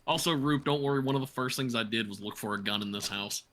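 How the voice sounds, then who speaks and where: A man's voice: mid-range voice, quick pace, noisy background. A man playing a tabletop horror game, bantering casually, joking, swearing and laughing often. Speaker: player.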